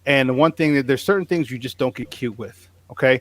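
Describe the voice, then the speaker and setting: A man's voice: medium pitch, a little fast, dry recording. A man in his forties, a podcast co-host and former player and coach, chatting casually about sports. He tells stories with energy, acts out quotes and swears freely.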